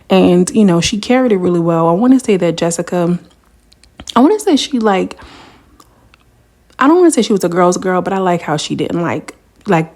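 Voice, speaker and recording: Chatty woman vlogger, lower voice. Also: moderate pace. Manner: chatty, animated, talks straight to viewers. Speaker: commentary vlogger. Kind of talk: casual reality TV commentary.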